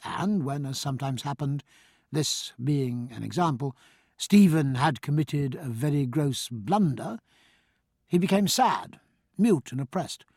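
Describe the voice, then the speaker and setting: Expressive, husky male audiobook narrator. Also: on the high side, dry recording, clean studio sound. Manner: measured, expressive storytelling. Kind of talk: scripted narration.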